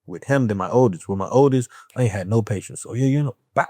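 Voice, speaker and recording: A man's voice: mid-range voice, fast talker, breathy edge, dry recording, studio quality. A man talking as a podcast guest in a candid conversation, with streetwise speech, often checking in with "you know what I'm saying". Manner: animated and laughing when talking about friends.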